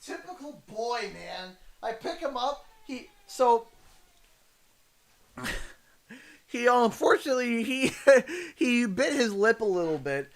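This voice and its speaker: A man's voice: very high-pitched, sing-song, takes it slowly, long pauses, fairly bright tone. A man in his thirties chatting casually while livestreaming a game, a chatty storyteller who laughs and acts out voices. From Canada. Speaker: livestreaming gamer.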